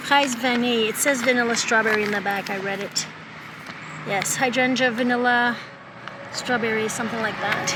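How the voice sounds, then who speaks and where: A woman's voice: high voice, noisy background. A woman showing off the plants she bought in a casual gardening vlog, chatting outdoors and a little out of breath in the heat. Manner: chatty, thinking aloud about plant names. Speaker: gardening vlogger. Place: outdoors, at a garden center and in her backyard.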